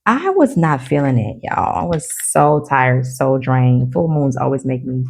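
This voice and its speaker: A woman giving a casual tarot reading in a low voice with a gravelly, husky texture. She chats with her viewers and calls them y'all. She is giddy, laughs at herself and stumbles over her words. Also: sing-song, unhurried, darkish tone. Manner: chatty, addresses viewers as y'all. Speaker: tarot reader.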